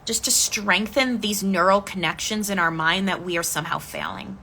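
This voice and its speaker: A woman speaking as a decluttering coach in a live coaching talk, gently guiding listeners through reflection and answering their comments. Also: medium pitch, animated, normal speed, slight background noise. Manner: gentle, inviting, reads viewer comments aloud.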